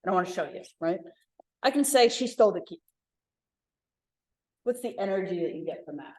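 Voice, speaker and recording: A woman leading an interactive communication workshop for a live group, acting out example lines with lively emphasis. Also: fairly low pitch, a little fast. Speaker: workshop facilitator. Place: room with live audience. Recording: echoey room.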